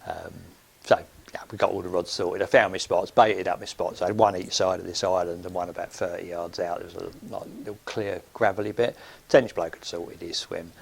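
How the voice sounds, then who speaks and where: A man's voice: low voice, steady tone, a little fast, vocal fry, breathy edge. A middle-aged man, telling a rambling, chatty anecdote full of ums on his podcast. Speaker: podcast host. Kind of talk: anecdotal storytelling.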